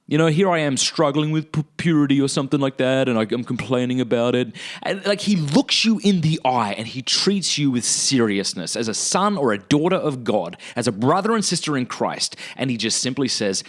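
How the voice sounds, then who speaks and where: A man's voice: mid-range voice, brisk. Aussie guy hosting a podcast, blunt and fired up, voice jumping all over the place. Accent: Australian. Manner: animated and emphatic, blunt. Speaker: podcast host. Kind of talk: casual spiritual talk.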